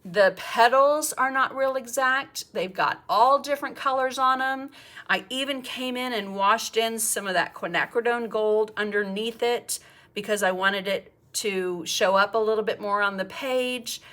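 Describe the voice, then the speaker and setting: A woman's voice: on the high side, measured pace, fairly bright tone. A middle-aged woman, teaching a live painting demonstration in a chatty, encouraging way and thinking aloud as she paints. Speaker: art teacher.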